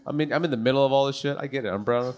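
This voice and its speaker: A man performing stand-up comedy in a club, with an animated, punchy delivery full of rhetorical questions. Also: medium pitch, very fast.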